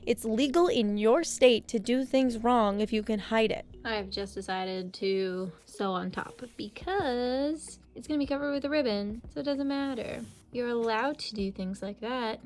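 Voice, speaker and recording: A young woman narrating a sewing vlog in a casual voice-over, with deadpan, self-mocking jokes. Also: on the high side, moderate pace, few pauses. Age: young adult. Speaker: sewing vlogger.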